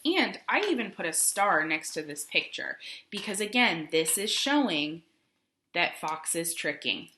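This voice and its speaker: A woman teacher giving a recorded reading lesson for children, expressive and encouraging, asking questions along the way. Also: on the low side, slight background noise.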